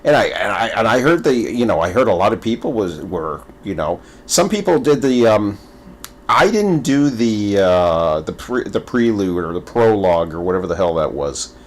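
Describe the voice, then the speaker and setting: A man in casual gaming commentary whose pitch swings widely up and down as he talks. He rambles, stumbles and repeats words while telling his story. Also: normal speed. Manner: animated, playful storytelling. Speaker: gaming video creator.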